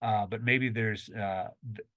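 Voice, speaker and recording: A man's voice: fairly low pitch, fairly even intonation, measured pace, fairly bright tone. Man giving a conversational lecture. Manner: conversational and explanatory, thinking aloud with frequent restarts. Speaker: university professor. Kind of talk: recorded online lecture.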